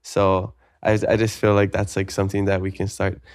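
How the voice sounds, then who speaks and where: A man's voice: deep voice, completely flat delivery, a little fast, darkish tone, no echo, studio quality. A male podcast host talking casually and thoughtfully, often restarting his sentences. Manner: thoughtful, hesitant, with many restarts. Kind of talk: casual conversation.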